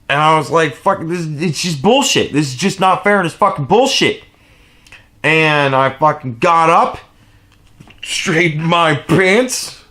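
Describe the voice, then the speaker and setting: A man in his late thirties rambling through a profane story in a casual vlog, laughing often and swinging between low mumbles and loud outbursts. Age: 30s. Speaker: vlogger.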